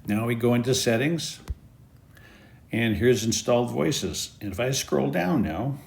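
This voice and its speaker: A man's voice: medium pitch, lively intonation, unhurried, gravelly, darkish tone. A man giving an easygoing, step-by-step app tutorial. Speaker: app presenter. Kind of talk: screen-recorded app tutorial.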